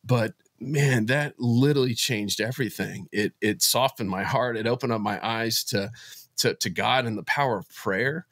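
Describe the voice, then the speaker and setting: A man's voice: mid-range voice, a bit bright, dry recording. Earnest man telling a personal story, dry sound. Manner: earnest and emotional, halting restarts. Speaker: podcast guest, business founder. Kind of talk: casual interview, personal faith story.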